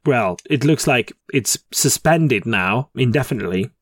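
A podcast co-host chats casually, cracking jokes, laughing at his own puns and often restarting sentences. His medium-pitched voice is unhurried with lively intonation, in a dry, clean studio recording.

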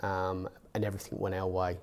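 Deep, flat, gravelly male fan. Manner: steady, measured, with pauses. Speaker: football fan interviewee. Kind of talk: reflective recollection.

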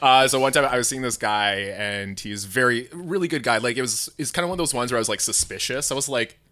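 A man's voice: medium pitch, fast talker, bright, forceful tone, no room sound. A man who does comedy, telling a story in a casual podcast chat and laughing often as he goes.

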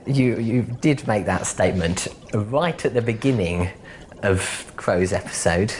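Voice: mid-range voice, unhurried, a little mellow, a little hiss or hum. Teasing podcast co-host. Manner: teasing, argumentative. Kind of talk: casual comedic banter.

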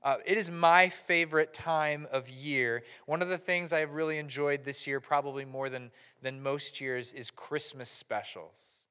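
A man in his thirties giving a playful, animated Christmas sermon to a church audience. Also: on the high side, a little slow, smooth. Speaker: pastor. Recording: live hall reverb.

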